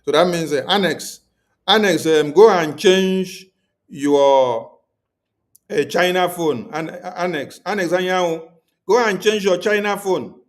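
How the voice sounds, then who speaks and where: A man hosting a livestream, speaking emphatically and repeating his points to viewers. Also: fairly high pitch. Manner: emphatic, repetitive, preaching tone. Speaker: livestream host.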